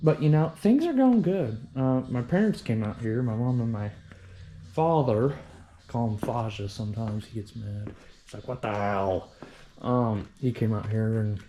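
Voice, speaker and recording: A man's voice: mid-range voice, dark tone. A young man talking casually in his home workshop, rambling and swearing freely as he explains his repair work. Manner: rambling, profane, self-deprecating. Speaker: hobby vehicle restorer.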